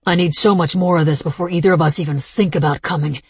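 A demanding, controlling young man in an audiobook, read by a woman, his urgent commands delivered in a low, husky, gravelly voice. The lines come close and dry, with no room sound. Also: fairly even intonation, quick pace, dry recording. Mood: urgent, commanding.

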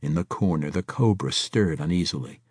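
A man narrating a thriller novel in a wry, measured audiobook reading. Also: low voice, slightly rough, dry recording, clean studio sound.

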